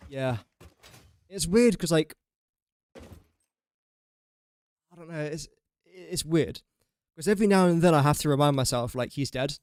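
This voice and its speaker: Chatty young streamer, slightly high. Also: male voice, a little mellow, clean tone, dry recording. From England. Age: young adult. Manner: chatty, talks himself through each build step. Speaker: gaming streamer. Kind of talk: casual live gameplay commentary.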